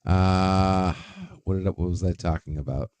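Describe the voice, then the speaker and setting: Gravelly low-voiced man on a livestream. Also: steady tone, normal speed, a little mellow, no echo. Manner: rambling, reads chat names aloud, swears freely. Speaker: livestream host. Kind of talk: casual livestream chat.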